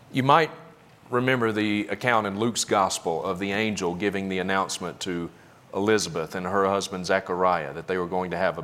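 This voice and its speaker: A man's voice: low-pitched, a bit bright. A man preaching a sermon, commenting on clips with sarcastic, critical emphasis. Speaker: pastor.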